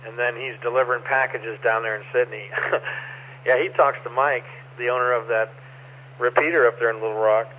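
An easygoing man talks plainly and matter-of-factly, his voice at a middle pitch. The sound is dulled by a radio link, and faint noise sits underneath. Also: fairly even intonation, fairly quick, muffled recording. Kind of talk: casual radio chat.

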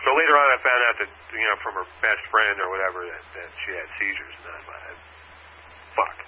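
A man's voice: lowish voice, animated, quick pace, a little hiss or hum. A man chatting casually and telling a rambling, profane story as a host. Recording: tinny phone-like sound.

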